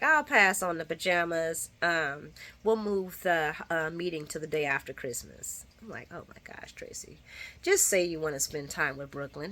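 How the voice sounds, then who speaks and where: Chatty, opinionated woman with a bright voice. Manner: chatty and opinionated, acts out characters' lines with big pitch jumps; slangy, swears casually. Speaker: soap opera recap host. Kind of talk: casual recap monologue.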